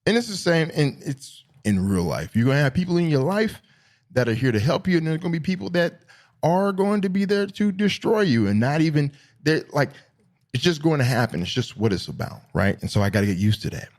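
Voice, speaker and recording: Man, middle-aged, podcast host, casual monologue, fairly high voice, lively swooping pitch, profane. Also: brisk. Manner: animated, profane, rambling, swings between high and low pitch.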